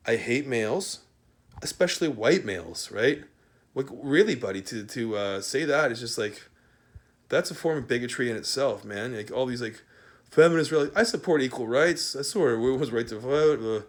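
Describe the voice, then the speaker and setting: A man delivering a rambling, profane rant monologue, combative and repetitive, tagging sentences with "right?" and "man" and often trailing off or restarting. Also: mid-range voice.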